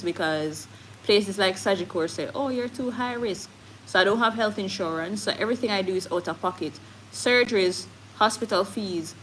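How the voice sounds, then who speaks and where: A woman's voice: mid-range voice, a bit bright, slight background noise, rough recording. A woman with a Jamaican accent chatting candidly on a live stream, slipping into patois as she talks. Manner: candid, switching into patois, reads viewer comments. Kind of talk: casual live-stream chat.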